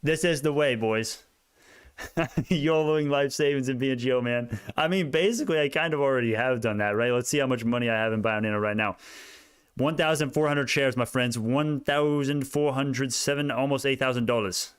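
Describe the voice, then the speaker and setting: A young man in college, a stock market YouTuber giving casual, rambling chart commentary, excitable and prone to tangents. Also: medium pitch, normal speed, clean tone, no room sound, studio quality. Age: young adult.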